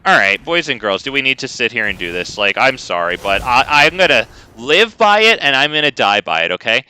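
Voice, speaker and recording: A man's voice: medium pitch, very animated, fairly quick, bright, forceful tone, clear, resonant tone. A man streaming a card game, ranting casually and talking to his chat. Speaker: gaming streamer. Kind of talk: casual live gameplay commentary.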